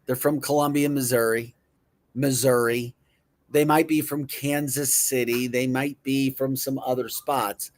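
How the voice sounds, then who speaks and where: A man's voice: medium pitch, flat delivery, measured pace. A middle-aged man hosting a casual chat show, playful, repeating words in mock pronunciations and chuckling often. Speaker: show host.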